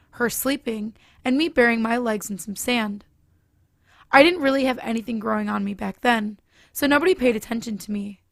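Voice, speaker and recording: Woman narrator with a raised, gravelly voice; steady scripted horror read, close and dry. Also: fairly high pitch, no room sound.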